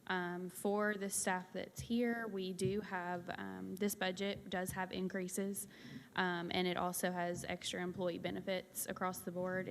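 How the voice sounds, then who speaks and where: A woman delivers a finance report to a town board in a flat, even tone, pausing often on ums. Her voice carries a long hall reverb over a faint room hum. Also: on the low side, vocal fry. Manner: level, matter-of-fact, frequent ums. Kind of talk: staff report at a public meeting. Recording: reverberant meeting hall with light room noise.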